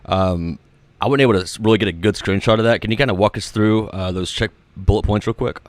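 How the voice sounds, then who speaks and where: Podcast host guy, low voice, talks fast, dry close sound. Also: no echo. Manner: quick, asks guest to walk through things. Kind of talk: casual interview questions.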